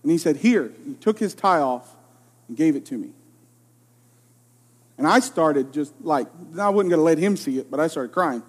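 A man's voice: on the high side, lively intonation, normal speed, long pauses. A man in his late twenties preaching a sermon, telling a personal story with emphatic, self-deprecating delivery. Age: 20s. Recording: long hall reverb.

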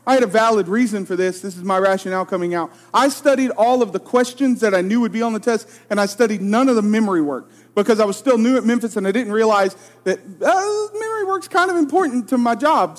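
Young preacher in a reverberant hall. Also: male voice, high voice. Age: 20s. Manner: storytelling, emphatic, self-deprecating. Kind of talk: sermon with personal story.

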